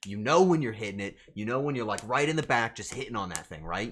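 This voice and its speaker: A man's voice: on the low side, expressive, fast talker, a bit bright. A male streamer in casual live-stream chat, flustered and swearing as he banters with his chat.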